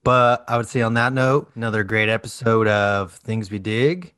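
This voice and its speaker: A man's voice: fairly low pitch, moderate pace, fairly bright tone, smooth, no room sound. Brief: male podcast host, easygoing, dry close sound. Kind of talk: casual chat.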